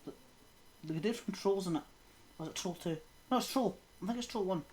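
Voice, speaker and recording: Her voice is mid-range, a little mellow, and fairly quick. She's a podcast co-host in a loose, rambling conversation about horror films, with lots of fillers and laughs that fade out.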